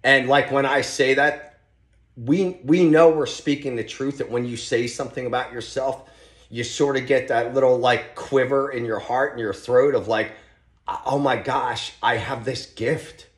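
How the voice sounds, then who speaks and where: Man, podcast guest, lively motivational storyteller, mid-pitch voice, roomy echo. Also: unhurried. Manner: animated storyteller, motivational, talks in loose restarts. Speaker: podcast guest, real estate team leader.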